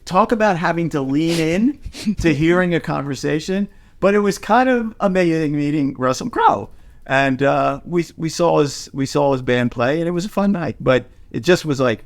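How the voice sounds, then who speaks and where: A man's voice: a little high, animated, moderate pace. A middle-aged man co-hosting a music podcast, telling a story in casual chat, swearing freely and poking fun at himself. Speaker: podcast co-host.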